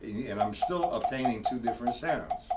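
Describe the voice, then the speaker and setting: A man's voice: mid-range voice, expressive, moderate pace. Distant, rambling drum teacher man. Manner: rambling, self-correcting, counts out loud while demonstrating. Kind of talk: live-streamed drum lesson. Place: practice room with a drum kit. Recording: distant mic, noisy room.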